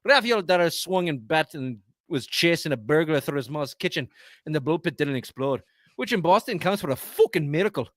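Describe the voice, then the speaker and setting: A foul-mouthed Scottish sports ranter, put on by a man in a shaky accent that drifts Irish and French. He barrels through insults with a forceful, bright voice. The sound is dry and close. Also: a little high, lively intonation, no room sound. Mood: ranting. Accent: mock Scottish, drifting Irish and French. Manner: loud, profane, rapid comic rant.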